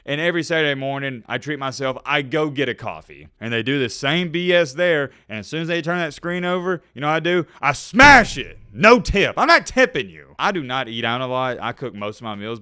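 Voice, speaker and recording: A young man giving a solo sports commentary rant, animated and swinging between loud outbursts and low asides. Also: quick pace, clear, resonant tone, no room sound, studio quality.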